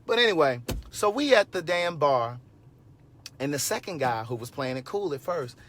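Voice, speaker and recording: A man in his forties tells a story to his viewers on a casual livestream. His voice is fairly high and very bright. He talks in an animated, sassy way and keeps turning aside to speak to his audience. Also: moderate pace, a little hiss or hum. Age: 40s. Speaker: host telling a story to viewers.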